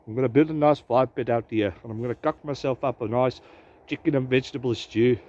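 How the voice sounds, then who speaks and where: A man's voice: medium pitch, fairly quick, darkish tone, muffled recording. Jokey man in a put-on South African accent. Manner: jokey, playful mock accent. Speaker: bushcraft vlogger host. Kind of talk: casual outdoor vlog. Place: outdoors in winter woods.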